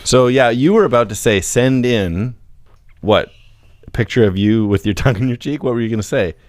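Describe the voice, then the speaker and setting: A man co-hosting a podcast in a laid-back, joking way, laughing often and slowing down to read passages aloud. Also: medium pitch, darkish tone, dry recording, studio quality. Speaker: podcast co-host. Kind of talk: casual chat, reading a passage aloud.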